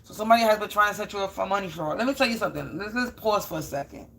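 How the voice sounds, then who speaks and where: A woman's voice: medium pitch, rapid-fire, vocal fry, fairly bright tone. A woman doing a casual spiritual reading, blunt and profane, repeating phrases for emphasis. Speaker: spiritual energy reader.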